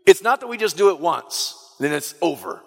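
A male pastor delivers an emphatic, repetitive sermon in a fairly high voice, at times lifting into a sung preaching cadence. His words ring out through a church sanctuary with a long reverb tail. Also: very animated, moderate pace, vocal fry, husky. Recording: long reverb in a large hall.

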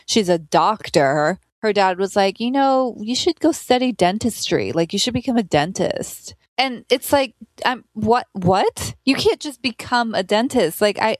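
A woman's voice: medium pitch, no room sound. A woman comedian chatting casually in an interview, filling her talk with "like.". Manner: chatty, lots of "like" fillers. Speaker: comedian guest.

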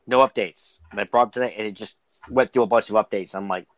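A man's voice: fairly low pitch, fairly even intonation, quick pace, dry recording, low-quality recording. A man co-hosting a podcast, chatting casually with friends, rambling and joking with frequent restarts. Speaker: podcast co-host. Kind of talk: casual banter among friends.

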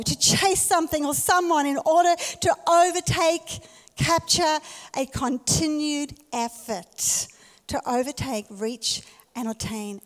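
A woman's voice: sits high, a little slow. A woman pastor preaching a sermon in a church, emphatic and repeating her key phrases. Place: church hall. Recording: reverberant church hall.

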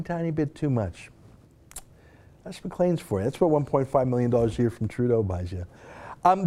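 A man delivers a scornful political monologue, his voice mellow and dark-toned. His pitch leaps and dips animatedly as he mocks what he reads. He scoffs and laughs his way through the quotes he reads out. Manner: sarcastic, mocking, scoffs and laughs while reading. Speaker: political commentator. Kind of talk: opinion monologue reading tweets aloud.

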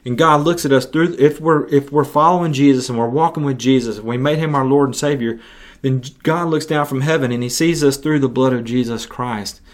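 A man's voice: mid-range voice, fairly quick. Man preaching a sermon, earnest, lots of restarts and repeats.

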